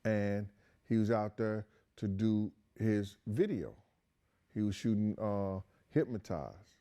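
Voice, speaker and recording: A man with a lowish, mellow voice tells an old story in a loose, conversational way. He rambles and leans on slang and fillers as he goes. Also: slow. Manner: rambling, many fillers like "you know" and "um"; slangy street talk. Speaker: guest storyteller. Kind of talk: casual anecdotal storytelling.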